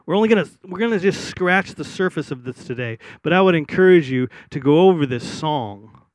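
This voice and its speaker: A fairly high-pitched man preaching a sermon in a relaxed, conversational way, often pausing and restarting his phrases. When he reads scripture, he slows down and gives each line solemn weight. The sound is dry and close. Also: no echo. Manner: conversational, many fillers and restarts. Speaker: pastor.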